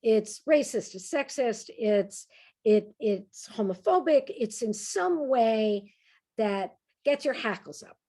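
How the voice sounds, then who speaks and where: A woman giving a humorous talk, conversational and lively, often checking in with the audience. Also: on the high side, slow pace. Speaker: speaker on humor.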